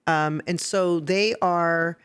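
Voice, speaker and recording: A woman hosting a podcast who teaches etiquette step by step, checking in with "okay?" and getting lively and laughing when she tells stories. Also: on the low side, slow pace, smooth. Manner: instructive, explains step by step with "okay?" and "right?". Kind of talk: casual podcast chat. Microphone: podcast microphone.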